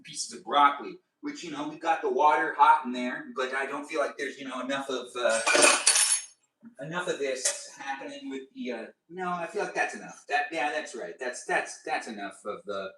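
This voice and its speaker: A man live-streaming from his home kitchen, chattering endlessly and quickly to viewers as he cooks. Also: medium pitch, background noise. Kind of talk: rambling live stream cooking chat. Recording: echoey kitchen, voice from a distance.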